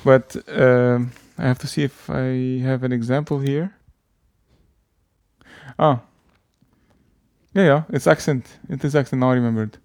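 A man's voice: medium pitch, fairly even intonation, unhurried, long pauses, darkish tone, dry recording. Hesitant man explaining, dry sound. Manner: hesitant, many fillers and restarts. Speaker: language teacher. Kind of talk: casual explaining.

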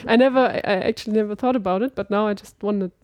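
A woman's voice: mid-range voice, racing, a little mellow, no room sound. A woman chatting casually as a learner, thinking aloud in a tentative way. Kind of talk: casual chat.

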